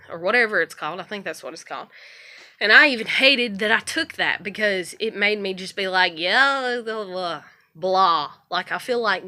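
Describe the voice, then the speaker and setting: A woman's voice: mid-range voice, sharp tone. A woman vlogger in a heated monologue to the camera, confrontational, swearing heavily and raising her voice as she talks.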